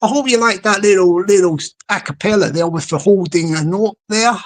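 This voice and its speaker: A woman's voice: mid-range voice, moderate pace. Playful, rambling woman. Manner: playful, rambling, talks to the chat. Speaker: livestream host. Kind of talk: rambling livestream chat.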